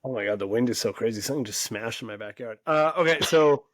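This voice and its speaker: Forties male podcast co-host, casual animated storyteller, mid-pitched. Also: fast talker, no echo, clean studio sound. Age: 40s. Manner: animated storyteller, acts out quoted voices.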